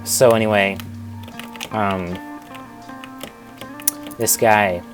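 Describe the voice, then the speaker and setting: A man's voice: on the low side, steady tone, drawn-out words, music in the background. A young man casually telling a rambling school story in a storytime vlog, digressing and restarting often. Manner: rambling, digressive, self-interrupting.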